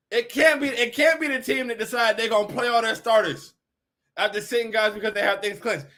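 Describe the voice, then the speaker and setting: Hyped high-voiced male fan host. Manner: hyped, loud and emphatic, repeating lines. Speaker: fan show host reading chat. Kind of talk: postgame fan livestream chat.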